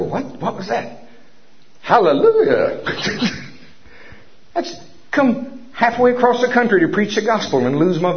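A man preaching a sermon in a church service, telling a personal story and making commanding declarations of faith. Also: medium pitch. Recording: dull lo-fi recording.

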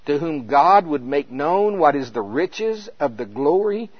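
A man's voice: a little high, very animated, measured pace, husky, lo-fi sound. A man preaching a sermon, reading scripture aloud and stopping to explain it, with frequent interjections of "Hallelujah.". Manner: expository, breaks off mid-sentence to explain the verses.

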